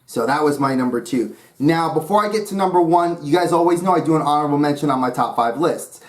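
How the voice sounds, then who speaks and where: A man's voice: fairly high pitch, quick pace. A man from New York hosting his own channel, talking about cartoons in a rambling, enthusiastic way. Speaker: YouTube channel host. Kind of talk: casual vlog talk.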